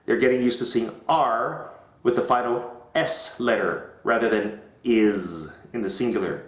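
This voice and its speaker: A man demonstrating an English lesson, drilling words slowly and over-enunciating them as he would for his students. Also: medium pitch, a bit bright. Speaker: English teacher. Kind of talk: teaching demonstration. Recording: echoey room.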